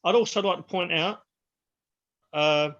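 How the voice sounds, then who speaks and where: A man's voice: sits high, a little slow, a bit bright. A middle-aged man on a live football panel, chatty, reading out forum posts. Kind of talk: live match chat. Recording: lo-fi home audio.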